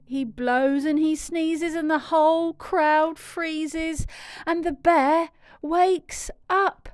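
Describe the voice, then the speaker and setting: A woman reads a children's storybook in a high, clear voice with an unhurried, sing-song rhythm. The sound is dry and close, with no room around it. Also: no echo. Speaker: storybook reader.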